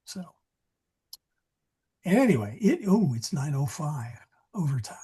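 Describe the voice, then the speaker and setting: A man's voice: fairly high pitch, sing-song, unhurried, dark tone. A man teaching a Latin grammar class, talking in a digressive way and often correcting himself. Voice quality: very husky. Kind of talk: classroom lesson. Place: church meeting room.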